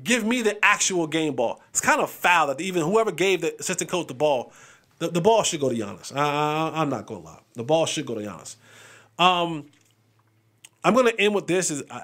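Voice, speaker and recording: A man's voice: fairly high pitch, fast, fairly bright tone. A man hosting a sports talk show, chatting casually and animatedly, acting out what players say.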